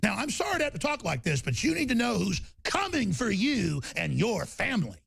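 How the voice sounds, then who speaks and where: A man hosting a radio talk show, delivering an intense, stammering rant that bursts into shouting. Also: sits high, wildly swooping pitch, fairly quick, vocal fry, slightly rough, no room sound.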